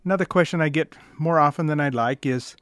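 A man's voice: on the high side, fairly quick, a bit bright, clean tone, no room sound. A middle-aged man, a veterinarian, telling dry, wry stories about the questions his callers ask. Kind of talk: storytelling monologue.

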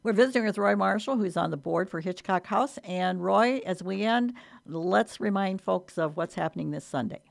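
A woman's voice: medium pitch, normal speed, vocal fry. A woman hosting a local radio interview, chatty and friendly with her guest. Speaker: radio host.

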